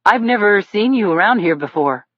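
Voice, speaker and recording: A woman's voice: medium pitch, lively intonation, normal speed, no echo, muffled recording, natural voice. A woman voicing a nervous young male lawyer who stutters and apologizes, in an audiobook. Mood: apologetic.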